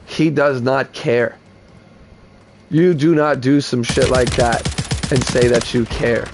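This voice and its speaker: A man's voice: mid-range voice, steady tone, slow, background noise. Profane man streaming a game. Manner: blunt, profane, heated rambling. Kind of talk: casual gaming stream storytelling.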